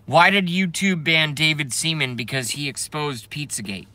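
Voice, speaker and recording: Man, live-stream host, bright and forceful tone, dry close sound, rambling, profane, laughs a lot. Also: fairly high pitch, lively intonation, dry recording. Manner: self-interrupting, drawn-out filler sounds. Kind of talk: casual live-stream chat, reading chat aloud.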